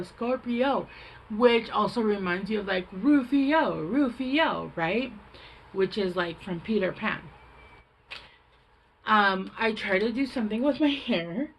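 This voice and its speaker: A woman's voice: medium pitch, fairly bright tone, a little hiss or hum, rough recording. A woman giving a casual tarot reading, talking bluntly with lots of swearing, fillers and rambling asides. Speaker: tarot reader.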